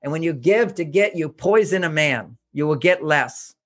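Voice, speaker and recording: A man's voice: on the high side, expressive, moderate pace. An older man from Houston, Texas, an author speaking as an interview guest, giving earnest, emphatic self-help advice and repeating his points.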